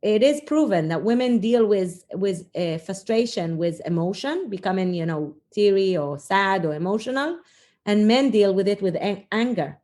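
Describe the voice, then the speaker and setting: A woman's voice: mid-range voice, lively intonation, normal speed, dark tone. A middle-aged woman, a leadership coach, telling her career story as a podcast guest in an earnest, reflective way with frequent fillers. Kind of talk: conversational interview storytelling.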